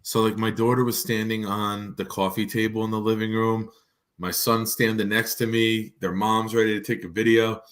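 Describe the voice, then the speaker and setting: A man hosting a casual sports chat, telling stories in an animated way and swearing freely. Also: fairly low pitch, normal speed. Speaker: host.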